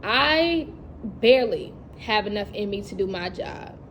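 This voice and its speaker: A young woman, a teacher talking in a casual vlog, animated and chatty, laughing often and acting out classroom moments. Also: medium pitch, measured pace, background noise. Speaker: teacher and vlogger.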